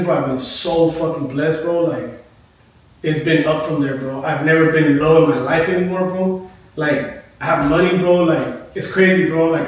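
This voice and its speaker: A young man, a barber, telling a personal story in loose, casual talk with heavy swearing and "bro" after almost every phrase. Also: fairly high pitch. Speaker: barber and podcast co-host. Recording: echoey room, mic at a distance, light noise.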